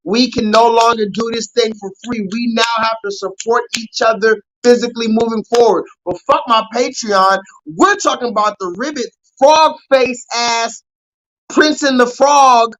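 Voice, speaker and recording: A young adult man hosting a live call-in stream, ranting loudly and profanely at the chat and mocking his target. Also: very high-pitched, fairly even intonation, moderate pace, few pauses, low-quality recording. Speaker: livestream host.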